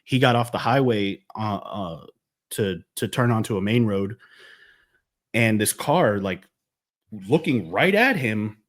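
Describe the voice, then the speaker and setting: A man in a casual podcast chat, laid-back and quick to laugh, swearing casually as he tells a story. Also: on the low side, lively intonation.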